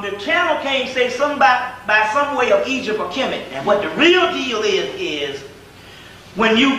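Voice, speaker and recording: A man with a high, bright voice lectures informally, rambling and circling back with frequent "um"s. He sounds far from the microphone in a very echoey room. A faint hiss sits underneath. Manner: rambling, repetitive, with many "um"s and restarts.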